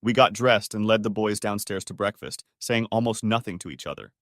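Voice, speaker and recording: A man's voice: on the low side, fairly quick, dry recording, clean studio sound. Bitter, tight-lipped male narrator. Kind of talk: first-person story narration.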